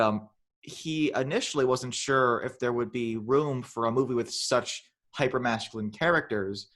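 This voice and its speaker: A man's voice: medium pitch, a bit bright. A man on a podcast retelling a horror film in casual chat, rambling with restarts and acting out bits of dialogue. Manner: rambling, many restarts, acts out lines in funny voices. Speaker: podcast co-host.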